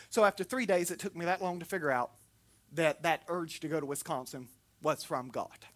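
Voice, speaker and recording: A Southern man preaching with a bright, forceful edge to his voice. He talks in a folksy, joking way, rising loud and dropping soft by turns, like a pastor at the pulpit. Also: a little high, a little fast. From Florida. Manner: folksy, humorous, swings between loud and soft. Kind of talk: sermon.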